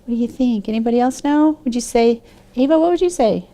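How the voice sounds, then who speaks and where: A woman's voice: on the high side, fast talker, warm tone. A woman hosting a children's TV show as a teacher, coaxing the kids with questions.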